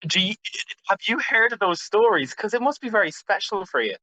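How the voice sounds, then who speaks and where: A man's voice: high-pitched, expressive, brisk, sharp tone, no echo, poor audio. A man interviewing an actress, chatty and effusive, with frequent exclamations. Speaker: entertainment interviewer. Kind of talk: press interview.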